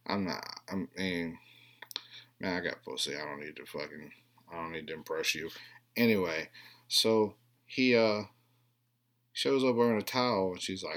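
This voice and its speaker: Low-voiced man in his thirties, rambling crude comedy. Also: moderate pace, pauses often. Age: 30s. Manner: crude, rambling, deadpan asides with mocking voices. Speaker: comedic movie recapper.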